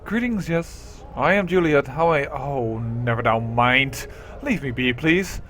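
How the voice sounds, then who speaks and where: A man's voice: mid-range voice, lively intonation, a little slow, fairly bright tone, slight background noise. A man voicing a bored, dramatic young noblewoman from a role-playing game, using an old-fashioned put-on British English accent and archaic speech. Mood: languid. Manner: archaic theatrical speech, languid and drawn out.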